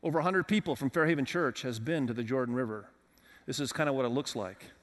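Speaking fast at medium pitch in a large hall, a male pastor gives a sermon at a church with several campuses. His style is conversational, and he asks the congregation questions.

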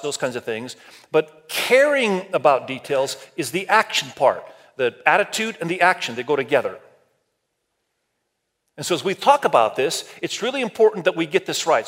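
A man delivering a sermon, with a voice that sits a little higher than most men's. He preaches in a lively, conversational way and often turns to the congregation with questions and calls for a show of hands. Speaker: pastor. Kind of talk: sermon to a multi-campus church.

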